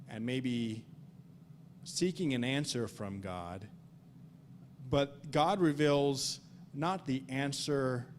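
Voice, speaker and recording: A man's voice: medium pitch, a little hiss or hum. A man teaching a Sunday school Bible study in an earnest way, often repeating and restarting words and reading scripture aloud. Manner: reads scripture aloud in old-fashioned wording.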